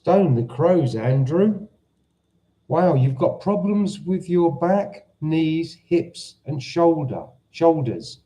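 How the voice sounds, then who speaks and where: A man's voice: fairly high pitch, lively intonation, slow pace, mellow, poor audio. A man with a Cockney accent chatting casually on a livestream, teasing viewers and confessing he gets confused. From London. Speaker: livestream host. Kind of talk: casual live chat reading viewer comments.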